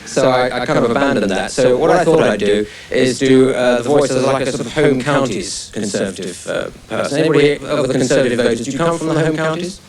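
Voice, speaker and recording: A male stand-up comedian chats with the audience on a TV studio stage under hot lights, rambling and self-deprecating with lots of restarts. His mid-range voice moves fast with few pauses, picked up by a distant mic in an echoey studio over a loud, laughing studio audience.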